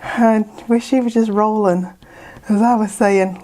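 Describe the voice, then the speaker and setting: A woman's voice: mid-range voice, fairly even intonation, measured pace, warm tone. A woman making an art vlog, chatting and joking as she paints, laughing often and easily. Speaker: art YouTuber.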